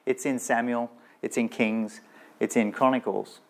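A man preaches a sermon in a church with slides shown, speaking conversationally and putting rhetorical questions to his listeners. His mid-range voice is steady and measured in pace.

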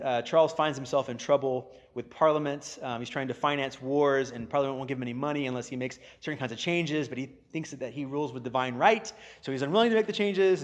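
A man from the United States, a guest explaining church history in casual, chatty talk full of fillers, who acts out quoted speech as he goes. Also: medium pitch.

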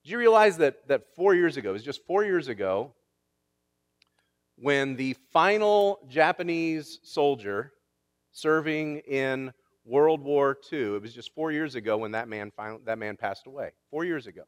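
A man's voice: mid-range voice, expressive, unhurried, in a large hall. A male pastor preaching a sermon, driving his points home with repetition and rising emphasis.

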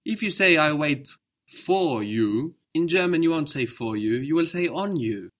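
A male teacher leads a spoken language lesson at a slow, measured pace. He explains patiently and repeats words carefully for his student to copy. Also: fairly high pitch, expressive, a bit bright.

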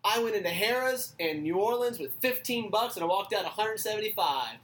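A man's voice: sits high, animated, a little fast, a bit bright. A man from Georgia co-hosting a casual podcast chat, telling stories with frequent laughs and swearing. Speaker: podcast co-host.

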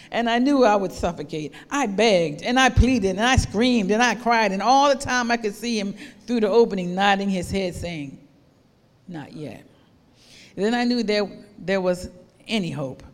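A woman's voice: mid-range voice, animated, normal speed, close to an everyday voice. A suffering talking teacup tells its story in a pleading, dramatic voice, as a woman preacher reads it out. The sound carries a long hall reverb.

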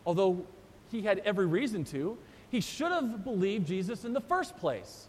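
A pastor preaching a sermon, retelling the story with animated voices for the disciples. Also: male voice, normal speed. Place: church sanctuary. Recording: long church reverb, faint rumble.

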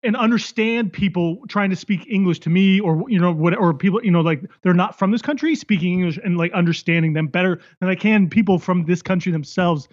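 A man's voice: sits high, fairly quick, hardly any pauses, no echo, highs cut off. A man in casual chat, easygoing, laughing along and rambling as he explains.

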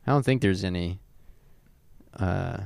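A man's voice: sits low, measured pace, gravelly, darkish tone, clean tone, no room sound. A man co-hosting a comedy podcast, riffing with sarcasm in casual banter. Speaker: podcast co-host.

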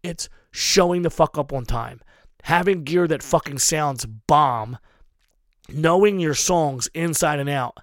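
Fortyish guy ranting about touring, swears nonstop, higher voice, dry close sound. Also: slow pace, no room sound. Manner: emphatic, heavy swearing, drives points hard. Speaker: hardcore show booker. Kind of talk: profane advice rant.

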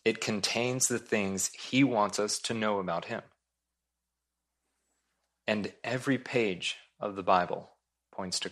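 Here a male pastor's sermon is carried by a low, deep voice with a bit of brightness. He speaks with earnest emphasis and repeats his central points to drive them home.

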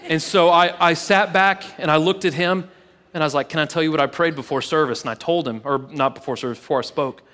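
A man preaching a casual, earnest sermon to a live church service, telling a personal story and then leading a hushed prayer with many repeated words. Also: fairly high pitch, fairly quick, long reverb tail. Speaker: pastor.

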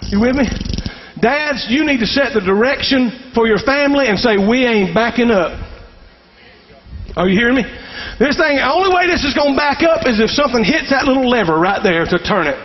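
A man's voice: very high-pitched, expressive, brisk. A middle-aged man preaching a folksy sermon to fathers, calling for amens from the crowd. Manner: folksy Southern-style preaching with call-and-response. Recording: dull sound in a reverberant hall.

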